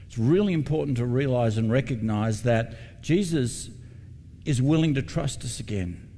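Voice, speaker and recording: A man preaching a sermon in a mellow, warm voice, often turning questions to the congregation. His words ring out with a long reverb across a church hall. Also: medium pitch, normal speed, a little hiss or hum. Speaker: pastor.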